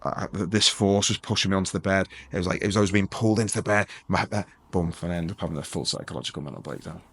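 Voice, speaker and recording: Fast-talking deep-voiced man telling his story. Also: fairly bright tone, husky. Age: middle-aged. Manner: rambling, self-interrupting, joking. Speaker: guest. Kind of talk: storytelling interview.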